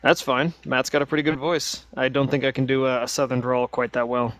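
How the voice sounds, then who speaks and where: A man narrating a tabletop role-playing game as game master, relaxed and loose, with many "uh" fillers. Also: mid-range voice, brisk, no echo, poor audio.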